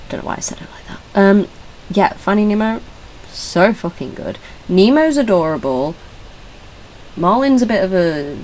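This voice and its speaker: A young woman from Britain chats casually through a ranking video, jumping between thoughts, swearing and laughing. Her medium-pitched voice swings widely up and down, with sudden squeaky voice stims. A faint hiss sits behind her. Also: gravelly, a little mellow, rough recording. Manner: chatty and scattered, swearing, laughing and trailing off. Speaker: video host. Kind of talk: casual solo ranking chat.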